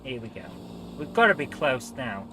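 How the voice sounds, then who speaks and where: A man's voice: mid-range voice, very animated, normal speed, noisy background. A man hosting a let's play, talking casually over his gameplay with frequent exclamations and mild swearing. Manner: exclamatory, swears and laughs at his own driving.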